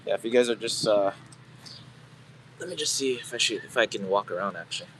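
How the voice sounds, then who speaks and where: Guy in his 30s rambling to stream chat outside on his phone, lowish voice, bit of traffic hum. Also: fairly quick. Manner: rambling, filler-heavy, chatting with viewers. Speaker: livestream host. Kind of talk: casual live-stream chat. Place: outdoors, about to head into work.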